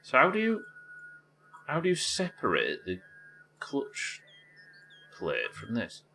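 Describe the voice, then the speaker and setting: A man's voice: medium pitch, wildly swooping pitch, takes it slowly, gravelly, pushed and bright, slight background noise. A man chatting casually while streaming a game, rambling and talking to his viewers. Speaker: live streamer. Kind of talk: casual gaming commentary.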